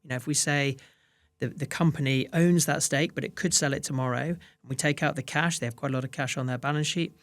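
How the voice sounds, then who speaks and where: Fund manager man, halting and repetitive. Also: fairly high pitch, fairly even intonation, no room sound. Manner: hesitant restarts, many "you know"s. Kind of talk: interview answers.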